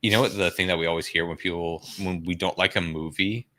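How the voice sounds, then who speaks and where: A man's voice: low-pitched, steady tone, quick pace, sharp tone. A young man co-hosting a film watch party, talking loosely and jokingly with plenty of swearing and slang. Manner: loose, profane, jokey, uses "dog" and "bro". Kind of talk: casual commentary over a film.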